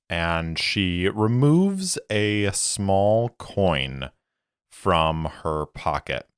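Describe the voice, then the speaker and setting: Man narrating a solo tabletop game, calm and deliberate, deep and unhurried. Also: clean tone, dry recording, clean studio sound. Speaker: game master and solo player.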